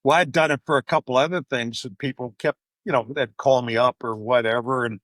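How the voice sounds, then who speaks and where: A man's voice: mid-range voice, steady tone, fairly quick, a bit bright, no room sound. An older man, a podcast guest and coach, telling anecdotes in a casual interview and acting out the voices of people he quotes.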